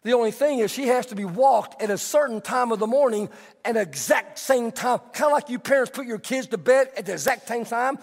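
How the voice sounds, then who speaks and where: A middle-aged man preaching a sermon as a pastor, telling stories in an animated, conversational way. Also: extremely high pitch, a little fast. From Texas. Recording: long hall reverb.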